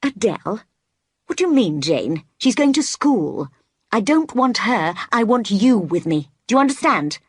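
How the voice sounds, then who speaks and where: A woman reading the lines of a passionate, brooding gentleman, master of a manor, in an audiobook, with pleading and sometimes forceful delivery. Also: lowish voice, moderate pace, dry recording, clean studio sound, close to an everyday voice. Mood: urgent.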